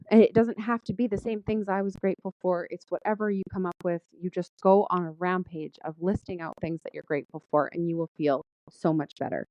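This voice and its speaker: A low-pitched woman hosting a podcast, speaking in an earnest, list-like rhythm as she works through one heartfelt line after another. The sound is dull and lo-fi, with a dry, close, roomless quality. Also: quick pace, hardly any pauses, darkish tone, dry recording. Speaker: podcast host. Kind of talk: spoken gratitude journal, podcast monologue.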